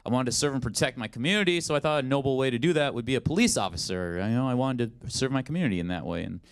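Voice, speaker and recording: A man in his twenties performing a stand-up comedy set, telling self-deprecating stories in an animated way. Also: mid-range voice, very fast, clear, resonant tone. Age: 20s. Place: comedy stage in a studio.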